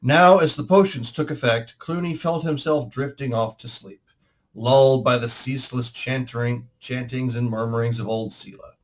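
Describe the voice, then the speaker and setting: Expressive man reading a story aloud. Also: mid-range voice, normal speed. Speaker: host reading a book aloud. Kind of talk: storybook read-aloud narration.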